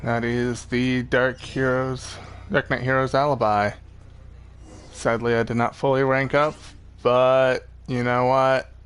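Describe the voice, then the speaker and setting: A man's voice: mid-range voice, level tone, slow, a bit bright, clean tone. A young man casually commenting on his gameplay, laid-back, joking and rambling. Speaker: gaming YouTuber.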